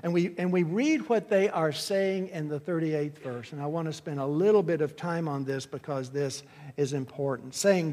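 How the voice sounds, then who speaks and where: A man's voice: on the high side, moderate pace, darkish tone. Earnest preacher man in a reverberant hall. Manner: earnest teaching with frequent restarts. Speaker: pastor. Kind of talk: expository sermon.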